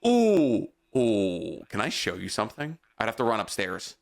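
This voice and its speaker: Animated, bright-voiced podcast co-host man. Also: fairly low pitch, quick pace, vocal fry. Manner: joking, swears freely, animated. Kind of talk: casual podcast chat.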